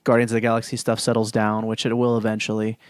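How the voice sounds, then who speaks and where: A man's voice: fairly low pitch, monotone, fast talker, clear, resonant tone, no room sound. A man co-hosting a casual podcast chat, steering the topics in a laid-back, matter-of-fact way. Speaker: podcast co-host.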